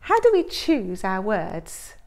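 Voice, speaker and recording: Taking it slowly, a woman with a gravelly, mid-range voice tells a story at a children's assembly she is presenting. Her storytelling is expressive, shifting from hushed whispers up to louder, excited outbursts.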